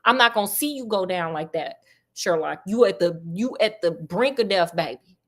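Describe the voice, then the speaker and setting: A woman's voice: medium pitch, lively intonation, moderate pace, natural voice. A woman voicing a loyal, worried male doctor who scolds his friend in slang. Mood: exasperated. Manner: exasperated, slangy, affectionate.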